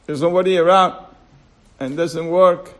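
A man teaching a Torah class, telling a parable in a halting, storytelling way and chuckling as he acts out the dialogue. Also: sits high, fairly even intonation. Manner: halting, fillers, slow and deliberate. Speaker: rabbi.

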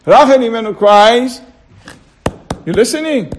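A man's voice: very high voice, expressive, unhurried. A man teaching a casual religious class, repeating words and firing rhetorical questions at his listeners. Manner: checks on listeners with short asides. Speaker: Torah teacher.

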